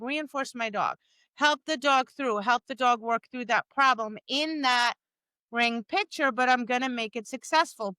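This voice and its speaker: A woman's voice: fairly high pitch, clear, resonant tone, no room sound. A woman co-hosting a podcast, chatting casually about dog training and acting out what she says to dogs and students. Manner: animated, acts out quoted lines to dogs and students. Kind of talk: casual chat.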